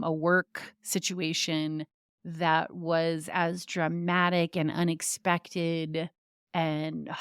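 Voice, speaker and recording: A young adult woman talks through a personal story on her podcast, chatty and full of ums and little laughs. Her voice sits a bit low and she speaks slowly. The sound is dry and close, with no room around it. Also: clear, resonant tone, no echo. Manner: chatty, laughs often, many fillers. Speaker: podcast host. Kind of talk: casual storytelling monologue.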